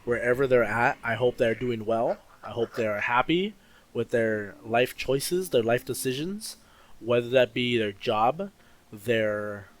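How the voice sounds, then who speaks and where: A young man chats loosely as he games, answering viewer questions. He is expressive, and his sentences wander, stop and restart around fillers. His voice sits in an ordinary middle pitch. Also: measured pace, poor audio. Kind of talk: casual Q&A while gaming.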